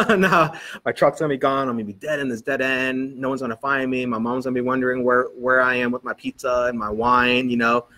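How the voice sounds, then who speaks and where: A man's voice: medium pitch, fairly even intonation, a little fast, bright, forceful tone. A middle-aged man preaching as a pastor, telling a personal story in church and acting out the dialogue as he goes. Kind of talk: storytelling sermon.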